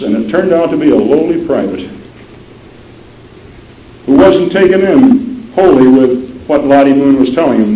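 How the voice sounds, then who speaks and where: A man telling a dramatic historical story in a measured way, often dropping low and soft for emphasis. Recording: roomy, dull lo-fi sound with faint noise.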